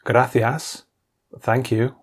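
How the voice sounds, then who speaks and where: A man co-teaching a beginners' lesson, repeating each phrase slowly for learners. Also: medium pitch, flat delivery, slightly rough. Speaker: language teacher. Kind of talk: scripted lesson.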